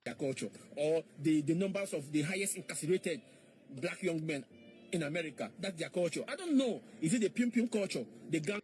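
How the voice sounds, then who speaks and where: A man's voice: on the high side, expressive, brisk, darkish tone, faint music behind. A man in a played clip, mockingly repeating questions in an argumentative monologue.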